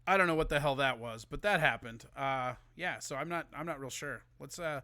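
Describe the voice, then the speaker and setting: A man's voice: medium pitch, a little fast, bright, forceful tone, dry recording. A man from Minnesota hosting a live call-in show, rambling and swearing freely in casual chat. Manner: rambling, profane, ranting.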